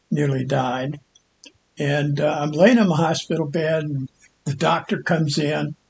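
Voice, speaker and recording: An older man, a lawyer, telling a personal story in a halting monologue with frequent restarts and pauses. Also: on the high side, creaky, darkish tone, a little hiss or hum. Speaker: Christian commentator and lawyer.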